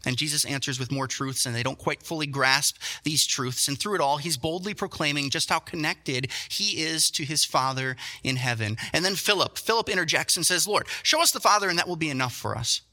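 A young man preaching a sermon, telling stories with animated, self-deprecating asides. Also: fairly high pitch, brisk, hardly any pauses. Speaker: pastor.

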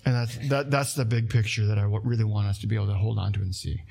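A man's voice: fairly low pitch, fairly even intonation, fast talker, vocal fry, a little mellow. A man preaching a sermon as pastor, in a conversational way with asides and restarts.

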